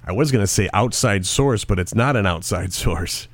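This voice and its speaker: A man's voice: lowish voice, normal speed, dry recording. A man co-hosting a podcast in casual chat, telling stories in a rambling, conversational way with frequent restarts. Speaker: podcast co-host.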